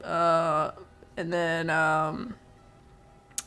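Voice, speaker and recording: A woman's voice: lowish voice, animated, moderate pace, a bit bright. A teenage girl live streaming, chatting casually and rambling through stories, laughing often and swearing freely. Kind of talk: casual chat while drawing on stream.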